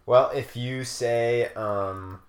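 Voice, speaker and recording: A man's voice: medium pitch, steady tone, very slow, reverberant. A man co-hosting a casual podcast, teasing dryly and hesitating with ums. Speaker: podcast co-host. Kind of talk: casual chat.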